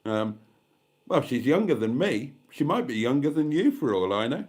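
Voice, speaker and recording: He speaks in a sing-song way at a moderate pace, his mid-range voice carrying a darkish tone. The man, suffering a stuffy head cold, chats on a live stream from a gas-heated caravan, reading comments out loud with dry, self-mocking asides.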